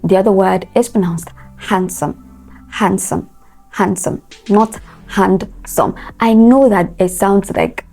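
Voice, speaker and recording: A woman's voice: medium pitch, measured pace, warm tone, soft background music. A woman teaching English pronunciation. She spells words out letter by letter and repeats them, asking listeners to say them after her. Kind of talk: pronunciation lesson.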